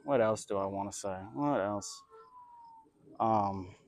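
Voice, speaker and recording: A young man in a casual, rambling spiritual monologue outdoors, swearing freely and swinging between loud bursts and mumbled asides. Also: lowish voice, slow pace, no room sound, clean studio sound. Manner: profane, excitable, drifts between loud rants and mumbles. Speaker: spiritual vlogger.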